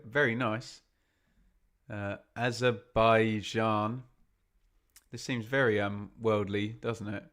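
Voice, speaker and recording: A man's voice: mid-range voice, fairly bright tone. A man hosting a football watch-along live stream, reading viewers' locations from the chat in a chatty, self-deprecating way.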